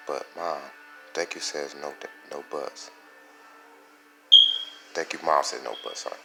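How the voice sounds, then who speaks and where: A man's voice: a bass voice, vocal fry, music in the background, poor audio. A man casually narrating a fan-made story for his channel, rambling and stopping to correct himself. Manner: rambling, self-correcting, halting. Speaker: YouTube storyteller.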